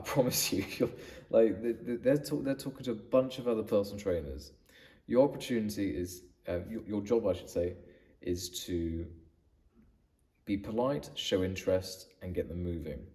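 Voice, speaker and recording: A man's voice: lowish voice, normal speed, mellow. Man coaching from a distance. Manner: conversational, with frequent restarts and emphatic repetition. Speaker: business coach. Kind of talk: direct-to-camera advice video.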